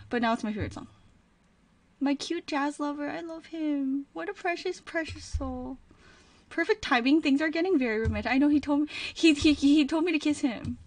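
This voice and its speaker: A woman's voice: high-pitched, moderate pace, distant mic. A young woman streaming a reaction video, gushing and emotional, at times close to tears. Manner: gushing, emotional, swings to near tears and whispers. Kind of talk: excited reaction commentary.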